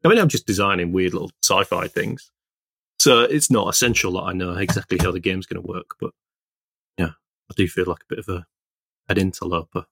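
This podcast co-host, an illustrator by trade, has a brisk, gravelly voice that sits low yet sounds fairly bright and slightly rough. The studio-quality recording carries no room sound as he chats casually, wandering through anecdotes and cutting himself off with corrections.

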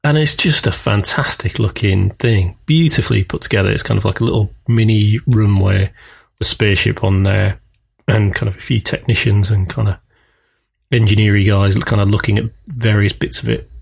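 A man's voice: fairly low pitch, steady tone, moderate pace, vocal fry, slightly rough. A man co-hosting a podcast, chatting casually and enthusiastically, often saying "kind of". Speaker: podcast co-host. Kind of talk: casual chat.

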